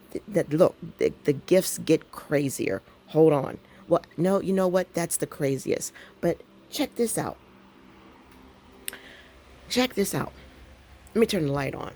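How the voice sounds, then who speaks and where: A middle-aged woman with a drawl talks straight to her viewers from home, full of laughter and animated storytelling. Her voice sits a little low, but her pitch swings widely as she goes. A faint hum of room ambience sits behind her. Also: gravelly. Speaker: craft vlogger. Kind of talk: casual chat to camera.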